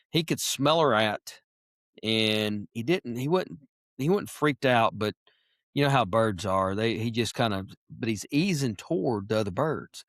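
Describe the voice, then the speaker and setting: A man telling a hunting story as a podcast guest, animated and lively, acting out voices and clearing his throat often. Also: lowish voice, measured pace, no echo, clean studio sound. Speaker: podcast guest, wildlife biologist. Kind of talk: casual storytelling.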